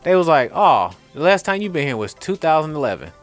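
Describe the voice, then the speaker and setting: A man on a podcast, chatting casually and telling a story in slangy, animated speech. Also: a little high, a little fast, faint music behind. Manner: animated, slangy, laughs while telling stories.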